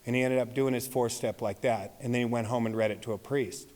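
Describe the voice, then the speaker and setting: A man's voice: medium pitch, fairly even intonation, quick pace, darkish tone. A man in his forties telling comic stories as a recovery meeting speaker, laughing at his own lines. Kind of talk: comic storytelling talk. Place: large convention hall. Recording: reverberant hall recording.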